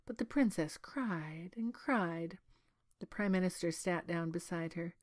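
Expressive woman reading a storybook. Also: fairly low pitch, measured pace. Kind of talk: read-aloud storybook narration.

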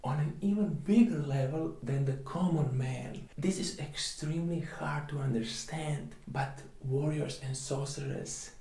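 A man's voice: fairly high pitch, unhurried, creaky, few pauses, dark tone, echoey room. A man giving a preachy spiritual monologue, emphatic and dropping into whispers between points. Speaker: spiritual teacher.

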